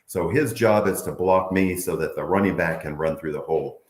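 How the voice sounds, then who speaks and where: A man in his fifties, a former football player from the Bay Area, telling animated stories in an interview and acting out quotes. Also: sits low, normal speed, roomy sound. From Bay Area, United States. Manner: animated storyteller, acts out quotes, laughs often. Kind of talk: candid interview storytelling.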